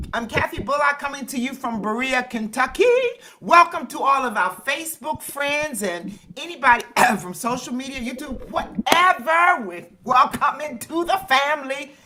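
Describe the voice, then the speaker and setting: A woman's voice: high-pitched, pushed and bright, slight background noise. A woman hosting an online sing-along. She greets each guest on the video call with exuberant whoops. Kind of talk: welcoming roll call on a video call.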